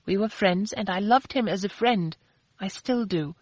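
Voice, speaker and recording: A woman narrator voicing a spirited, quick-tempered young woman who answers back with sharp, indignant retorts. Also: mid-range voice, no room sound, natural voice, rough recording. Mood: defiant.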